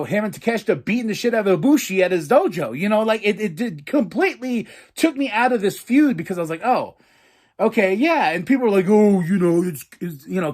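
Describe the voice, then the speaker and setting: Man, high-pitched voice, podcast host, excitable, swears a lot, acts out his reactions, casual wrestling talk. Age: adult with a daughter.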